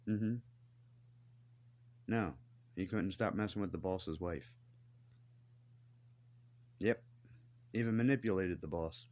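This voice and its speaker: A man's voice: low voice, slow pace, long pauses, darkish tone. A man ranting to the camera in a blunt, defiant way, swearing heavily as he tells his grievances. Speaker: vlogger. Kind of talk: angry profane rant to camera.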